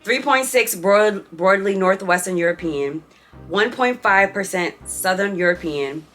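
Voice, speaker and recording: A woman's voice: medium pitch, animated, a little slow, a bit bright, faint music behind. A young woman chatting casually in a vlog, reading out her results with playful asides. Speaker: vlogger.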